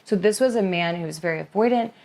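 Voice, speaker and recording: A young woman chatting as a podcast guest, expressive and rambling, with a lot of "like" in her talk. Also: lowish voice, fast talker, creaky. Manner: expressive, rambling, heavy use of "like". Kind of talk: casual confessional chat.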